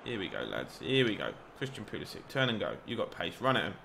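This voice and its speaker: A young man giving excitable, rambling live commentary over a football video game, shouting encouragement at the players and joking at himself. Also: low-pitched, quick pace, vocal fry, noisy background. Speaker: gaming YouTuber.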